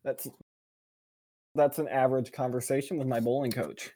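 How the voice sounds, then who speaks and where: A man co-hosting a casual podcast, chatting in a jokey, animated way with sudden excited jumps in pitch. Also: moderate pace. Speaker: podcast co-host. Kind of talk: casual chat.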